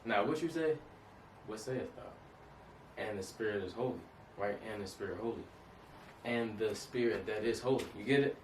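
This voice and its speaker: A man's voice: on the low side, brisk, recorded from a distance, noisy background. A man teaching Hebrew words from slides in a casual lesson, often checking that listeners understand. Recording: echoey room, off-mic.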